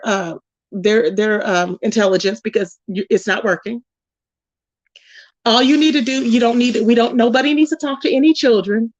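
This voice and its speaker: This woman runs a commentary channel, and in a fairly high voice on a dry, dull lo-fi recording she scolds someone in a blunt rant. She keeps repeating her points and draws out words for emphasis.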